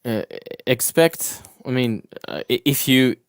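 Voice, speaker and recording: A man co-hosting a live interview coaching session, reading viewer questions aloud and answering them in a relaxed, casual way. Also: mid-range voice, takes it slowly, no room sound, clean studio sound.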